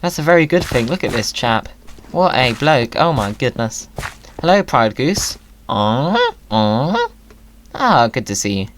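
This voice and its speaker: A hoarse man, a cheerful, chatty host giving playful commentary over gameplay and cooing at in-game animals. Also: medium pitch, lively intonation, moderate pace, a bit bright, slight background noise.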